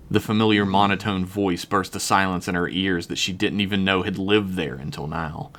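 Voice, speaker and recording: A man's voice: low voice, steady tone, moderate pace, few pauses, fairly bright tone. A man narrating a tabletop role-playing game in a dramatic style, swearing and laughing now and then. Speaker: game master.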